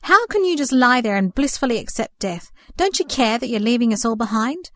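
A woman's voice: a little high, lively intonation, a little fast, dry recording, studio quality. A woman voicing a grieving young man in a storybook reading, stormy and pleading. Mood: angry grief. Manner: stormy, pleading, breaking into sobs.

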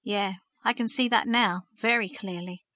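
A woman's voice: mid-range voice, fairly even intonation, measured pace, pushed and bright, no echo, clean studio sound. Woman reading a sobbing remorseful young man. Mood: pleading. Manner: shaky, sobbing pleas.

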